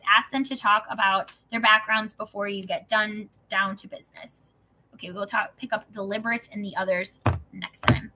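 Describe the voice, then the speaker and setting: A woman's voice: medium pitch, bright, forceful tone. A woman in her thirties telling a personal story in a chatty way, full of "like", swearing and acted-out quotes, then reading from a book. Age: 30s. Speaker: host reading and discussing a self-help book.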